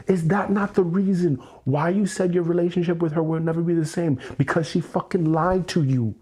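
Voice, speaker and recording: A man's voice: on the high side, steady tone, brisk, few pauses, warm tone. A man hosting an EFT tapping session, venting with angry, profane, repetitive words and weary sighs.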